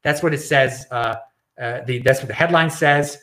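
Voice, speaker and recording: A man's voice: mid-range voice, moderate pace, sharp tone. Ranting man host in an echoey room. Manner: ranting, repeats words and restarts. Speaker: show host. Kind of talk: casual political commentary.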